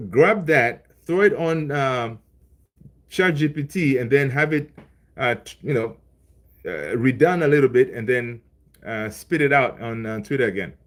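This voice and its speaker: A man hosting a casual live stream, reading chat and talking loosely, with lots of fillers and repeated phrases. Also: medium pitch. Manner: loose and chatty, laughs along with viewers. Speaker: livestream host reading chat.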